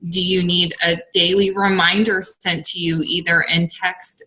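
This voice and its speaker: Upbeat woman coach, bright and forceful. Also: on the low side, little pitch movement, measured pace, low-quality recording. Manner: supportive, rambling, upbeat. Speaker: fitness coach. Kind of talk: casual team call.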